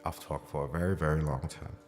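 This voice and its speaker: Very deep-voiced man teaching piano live. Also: quick pace, big-room sound. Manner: rambling, thinking aloud with many fillers; self-described as loud when excited. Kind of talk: casual livestream piano lesson. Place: at home late at night. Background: piano playing.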